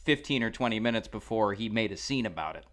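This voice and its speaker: A man's voice: fairly low pitch, lively intonation, quick pace, a bit bright. A man co-hosting a podcast in casual chat, blunt and opinionated as he tells a story. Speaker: podcast co-host.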